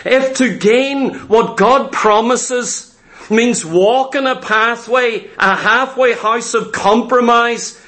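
A man's voice: extremely high pitch, slow, a bit bright. A man preaching a sermon, emphatic and repetitive, acting out little scenes as he goes.

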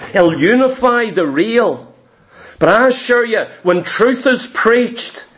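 A man preaching a sermon with forceful, emphatic delivery and repeated phrases. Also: high-pitched.

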